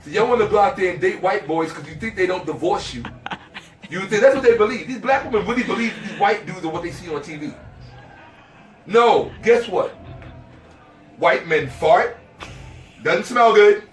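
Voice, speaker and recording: A man's voice: sits high, expressive, fast, echoey room, recorded from a distance. A man giving an interview, lecturing emphatically and repeating phrases for stress. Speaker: interview guest. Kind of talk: impassioned lecturing in conversation.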